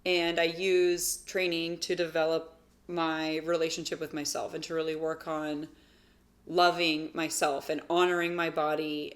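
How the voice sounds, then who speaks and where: A woman in her thirties co-hosting a wellness podcast, talking in an earnest, reflective way and getting animated when she acts out her own thoughts. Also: sits low. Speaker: podcast co-host, physical therapist. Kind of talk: casual chat.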